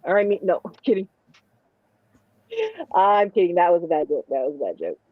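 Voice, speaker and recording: A woman's voice: lowish voice, big pitch swings, brisk, no room sound. A woman hosting a live panel, telling crude comic stories in a rambling way, full of restarts. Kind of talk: rambling comedic storytelling. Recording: dry, slightly muffled stream audio.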